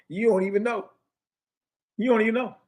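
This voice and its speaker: A man hosting an animated commentary, reading passages aloud and mocking his listeners with slangy, preachy outbursts. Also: high-pitched, measured pace. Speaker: show host.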